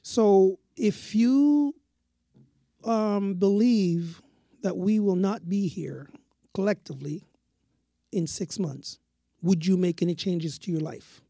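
A man co-hosting a casual spiritual talk show, telling stories in a slow, reflective way. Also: sits high, gravelly, dark tone, dry recording, clean studio sound. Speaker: co-host.

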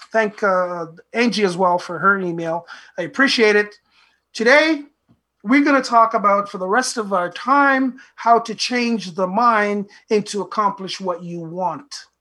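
A man's voice: high voice, pushed and bright. A man hosting a self-help talk show, speaking earnestly and reflectively in a repetitive, lecturing way. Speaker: radio show host.

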